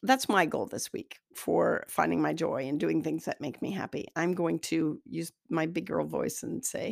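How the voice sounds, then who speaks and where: A woman's voice: low voice, normal speed, gravelly, few pauses, husky, no echo, clean studio sound. A woman hosting a self-help talk as an energy healer, speaking in a candid, conversational and self-deprecating way. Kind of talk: spoken self-help monologue.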